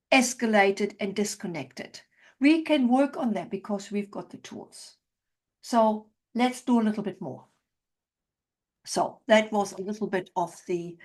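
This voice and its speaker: A woman couples therapist demonstrating a session to a group, speaking gently and checking in often to validate what she hears. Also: medium pitch.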